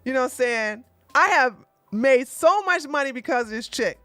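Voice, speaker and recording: A woman's voice: high voice, lively intonation, moderate pace, a bit bright, dry recording, faint music behind. A woman hosting a casual livestream, chatty and exclamatory, thanking viewers by name. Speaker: livestream host.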